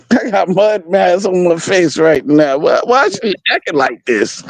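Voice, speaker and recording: A man's voice: high voice, lively intonation, measured pace, dry recording. A man chatting as a guest on a livestream, teasing and repeating his lines. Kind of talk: casual livestream chat.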